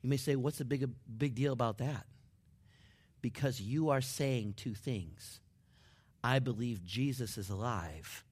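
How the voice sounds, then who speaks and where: A man preaching a sermon, dropping to near whispers and building up to excited shouts. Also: mid-range voice, a little slow, breathy edge. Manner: dramatic swings from hushed to shouting. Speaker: pastor.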